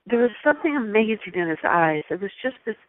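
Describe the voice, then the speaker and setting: A woman guest telling a personal story in an animated way, laughing often and restarting her sentences. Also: mid-range voice, fast. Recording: phone-like lo-fi line.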